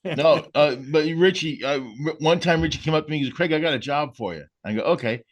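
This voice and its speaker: A man's voice: fairly high pitch, fairly quick. A male comedian casually recalling an early gig with self-deprecating laughs on a podcast.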